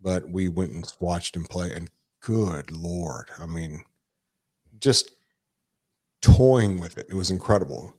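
Lower-pitched man telling a story animatedly. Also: takes it slowly, long pauses, slightly rough. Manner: animated, swearing, acts out quotes. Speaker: guest storyteller. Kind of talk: casual storytelling.

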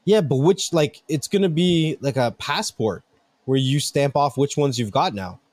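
A middle-aged man co-hosting a casual chat, animated and joking, swearing freely. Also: mid-range voice, moderate pace, no room sound.

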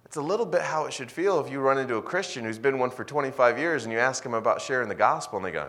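A male pastor preaching a sermon, swinging between loud emphasis and quiet asides. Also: medium pitch, animated, quick pace, hardly any pauses.

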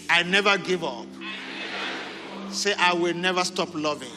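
A man pastor leading prayer and having the congregation repeat declarations after him, rising to fervent shouts. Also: high voice, a little slow, long pauses, crowd noise. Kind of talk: sermon and prayer. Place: large church hall. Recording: echoing hall with music.

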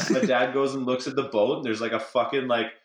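A man's voice: medium pitch, a little fast, reverberant. A young man casually telling a story to friends, laid-back, full of "like" and swearing. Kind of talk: casual chat.

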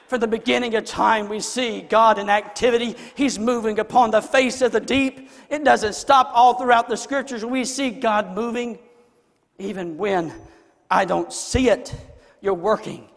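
A man preaching a sermon, moving between soft, intimate passages and loud, shouted declarations. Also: high-pitched, steady tone, normal speed, gravelly. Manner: swings from hushed to shouting. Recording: long reverb in a hall.

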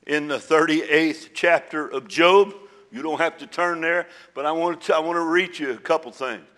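A man preaching a sermon as pastor, dropping to a hush and then rising to loud, fervent peaks. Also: fairly high pitch, moderate pace. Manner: swings from hushed to loud and fervent.

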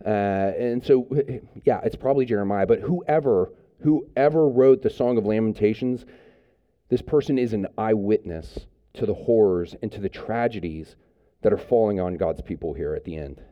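A man's voice: on the low side, normal speed, muffled recording. A man preaching a sermon as pastor, speaking in a conversational way with frequent fillers and restarts.

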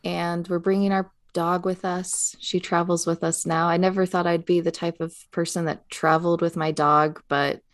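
Middle-aged American woman, lowish voice, reflective chatty co-host, dry sound. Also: flat delivery, moderate pace, hardly any pauses, dry recording. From United States. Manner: reflective, talks through her thoughts. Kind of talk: casual chat.

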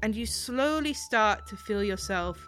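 A woman game master narrates a tabletop scene in a soothing, descriptive way. Her voice sits at an ordinary mid pitch and she takes her time. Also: animated, measured pace, a bit bright, soft background music.

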